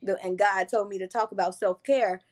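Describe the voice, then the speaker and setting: A woman's voice: mid-range voice, fairly even intonation, a little fast. A woman who is a guest on a podcast, speaking in an earnest, reflective way in a casual conversation.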